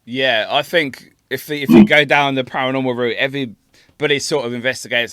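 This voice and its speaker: A man's voice: medium pitch, fairly even intonation, normal speed, a bit bright, no echo, studio quality. A man hosting a podcast, chatty and loose, laughing as he talks. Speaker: podcast host. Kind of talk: casual podcast chat.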